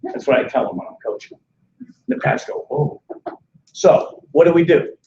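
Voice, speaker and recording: A man in his sixties giving a joking, animated financial sales seminar, firing questions at a small audience. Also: on the high side, moderate pace, slight background noise. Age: 60s. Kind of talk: lively sales seminar talk. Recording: echoey dull room sound from far off.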